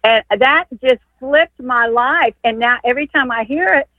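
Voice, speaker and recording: A woman phones in to a radio show from Texas and tells her story in an excited, emotional rush, full of restarts. Her voice comes through a thin, phone-like line. There is no room sound at all. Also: high-pitched, normal speed, no room sound. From San Antonio, Texas. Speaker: caller. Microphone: telephone. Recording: tinny phone line, dry.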